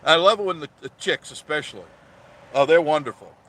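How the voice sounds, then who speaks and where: A man hosting a casual live stream from a parked car, ranting loudly and sarcastically, then reading viewer comments. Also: a little high, brisk. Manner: loud, ranting and sarcastic, mocking voices.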